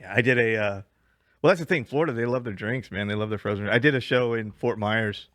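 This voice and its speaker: A man's voice: lowish voice, fast, a bit bright, no echo. A man, a stand-up comedian co-hosting a podcast, telling rambling road stories in casual chat, swearing freely and laughing at his own tales.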